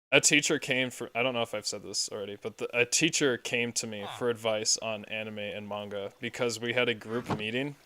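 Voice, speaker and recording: A man's voice: mid-range voice, noisy background. A man chatting casually while playing a building game, rambling through side stories with plenty of fillers. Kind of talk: casual gameplay chat.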